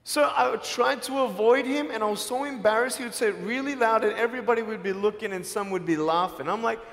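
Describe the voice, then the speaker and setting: An Australian man in his thirties giving an animated, jokey motivational speech and acting out the dialogue in his stories. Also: sits high, fast talker, gravelly. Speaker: motivational speaker. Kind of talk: stage speech with storytelling. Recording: reverberant large hall.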